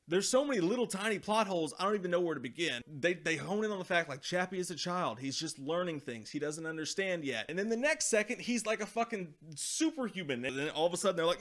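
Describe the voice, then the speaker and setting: A man's voice: high voice, a bit bright. A man hosting a movie review vlog, ranting with profanity and exasperation, sometimes mocking characters. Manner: slips into mocking impressions of characters.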